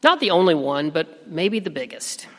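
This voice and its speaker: A man in his thirties preaching a sermon as pastor, telling a family story in a gentle, reflective way. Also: a little high, very animated, normal speed. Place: church sanctuary. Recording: reverberant sanctuary.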